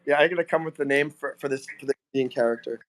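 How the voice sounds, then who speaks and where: A man's voice: mid-range voice, rapid-fire, a bit bright. A man hosting a casual livestream, joking playfully and reading out chat comments. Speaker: livestream host.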